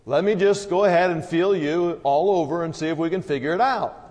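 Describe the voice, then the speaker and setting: A man's voice: on the high side, fairly quick, a little mellow, pitched above the performer's own voice, close to an everyday voice. A man voicing an elderly blind male rattlesnake in a joke, told in a folksy way with long hall reverb. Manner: folksy joke-telling delivery.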